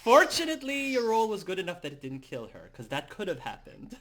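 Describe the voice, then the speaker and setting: A man narrating a tabletop game as game master, in a halting way with many fillers and restarts. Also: sits high, wildly swooping pitch, a bit bright.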